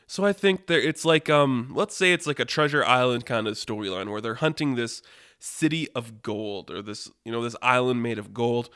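A man telling an improvised story casually, rambling and animated with lots of fillers. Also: medium pitch, normal speed, clear, resonant tone, no echo. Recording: dry close mic.

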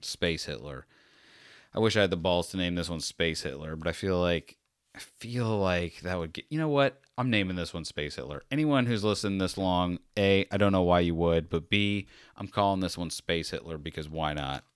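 A man's voice: low voice, moderate pace, clean tone, no echo. A tired man hosting a solo podcast, rambling in a sarcastic, self-deprecating way on a close mic. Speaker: podcast host.

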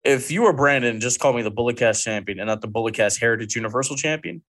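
A man's voice: mid-range voice, fast talker, a bit bright. A man co-hosting a casual wrestling podcast, nostalgic and jokey, who repeats his lines. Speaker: podcast co-host.

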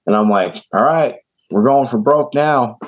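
A man from New York with a New York accent, casually telling a long story on a podcast and acting out the voices of the people in it. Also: a little slow. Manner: animated, acts out quoted voices in a higher pitch. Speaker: podcast host. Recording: dull lo-fi podcast audio.

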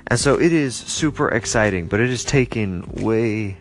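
Talking to camera at a moderate pace in a medium-pitched voice, this young man shares stories with his viewers as a vlogger. He rambles casually, full of fillers and false starts, and perks up when reacting to things.

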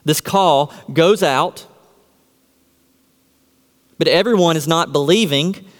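A man preaching in a church, his fairly high voice ringing through the long reverb of a large hall. He keeps firing rhetorical questions at the congregation and answering them himself, leaning hard on his key points. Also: takes it slowly. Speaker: pastor. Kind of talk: sermon.

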